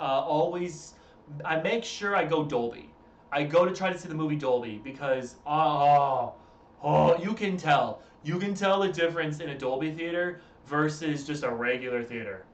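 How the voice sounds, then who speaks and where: A tired young man with a slightly high voice chats casually with his live-stream audience from his room at home, rambling and breaking off mid-thought. He's recorded from a distance with a roomy echo and slight background noise.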